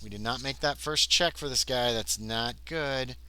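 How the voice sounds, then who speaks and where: A man's voice: medium pitch, normal speed, pushed and bright, clear, resonant tone. A man livestreaming a solo tabletop game, reading the game text aloud and chatting casually in between. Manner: reads game text aloud, then chats casually to himself and chat. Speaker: solo game player, streamer.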